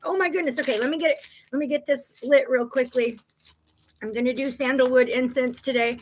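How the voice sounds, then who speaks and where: A woman hosting a live stream as a psychic reader, chatting in a bubbly, excited way and telling a story with laughs. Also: sits high, brisk. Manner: bubbly, excited, greeting viewers by name. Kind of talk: casual live-stream chat.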